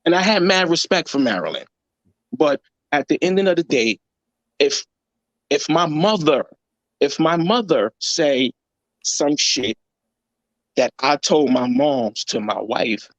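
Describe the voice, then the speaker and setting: A man's voice: a little high, expressive, takes it slowly, pauses often, no room sound. A man hosting a casual reaction chat, talking in a blunt, heated way full of swearing. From New York. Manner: blunt, heated, profanity-laced ranting. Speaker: host.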